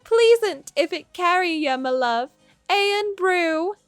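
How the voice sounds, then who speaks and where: A quaint young magical girl, put on by a woman, speaks in a mock Scottish lilt, her archaic sentences flowery and tangled. The voice sits far higher than usual and swings widely, with a lively, animated, loud delivery. Her drawn-out words land crisp and dry, with faint game music behind her. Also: dry recording, heavily acted. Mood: whimsical. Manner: archaic, flowery, muddled phrasing. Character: quaint young female magical girl with garbled old-fashioned talk.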